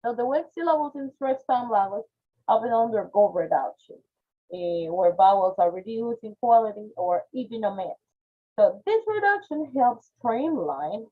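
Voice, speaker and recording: A woman with a Spanish accent, a native Spanish speaker, teaching English phonetics in an online class, checking in with frequent "okay?" questions. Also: a little high. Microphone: video call. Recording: tinny video-call audio.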